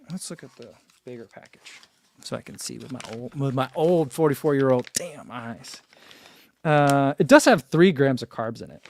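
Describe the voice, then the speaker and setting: A man in his forties hosting a casual live stream, reading viewer comments aloud and chatting with frequent laughs. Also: mid-range voice. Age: 40s. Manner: chatty, laughs often, reads chat aloud. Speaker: running channel host.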